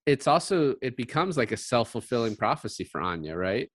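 A man co-hosting a casual podcast chat about a film, blunt and animated, often swearing and quoting scenes. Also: mid-range voice, a little fast, breathy edge, dry recording. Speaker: podcast co-host.

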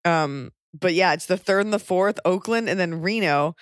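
A pregnant woman hosting a podcast, talking in casual chat with wry, deadpan jokey rants. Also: on the low side, normal speed, no echo, clean studio sound. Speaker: podcast host and touring comedian.

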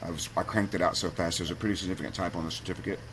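A man's voice: low voice, fairly even intonation, rapid-fire, fairly bright tone, slight background noise. A man on a podcast as a guest, telling a personal story in a candid, heartfelt way that gets him choked up. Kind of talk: casual storytelling.

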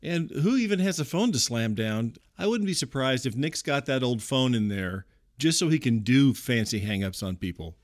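A man's voice: medium pitch, animated, moderate pace. A middle-aged man doing a comic monologue, ranting in an exasperated, incredulous way. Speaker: comedian.

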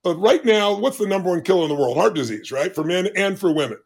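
A man's voice: animated, quick pace. A man in his sixties, a podcast guest telling stories in an emphatic, dramatic way. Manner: emphatic, dramatic storyteller with big swings of pitch. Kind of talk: animated storytelling in conversation.

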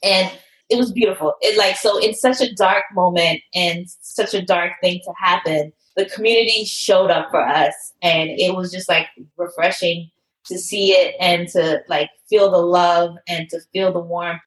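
A woman who owns a fitness studio, telling her story in an interview with emotion and lively quoted voices. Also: fairly low pitch, unhurried, roomy sound, rough recording. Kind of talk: interview conversation.

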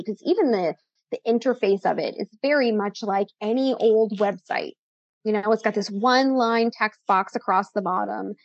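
A woman's voice: fairly high pitch, darkish tone, no echo. Chatty upbeat woman, slightly muffled. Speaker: podcast guest, content coach. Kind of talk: casual interview chat.

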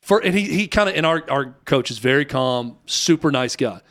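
A man in his thirties casually telling a story about coaching his daughter's basketball team, acting out the people he quotes. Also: normal speed. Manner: animated, acts out quotes with rising pitch.

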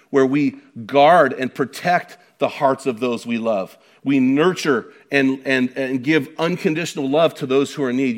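A middle-aged man preaching a sermon, emphatic and conversational, with frequent rhetorical questions to the congregation. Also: medium pitch. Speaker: pastor.

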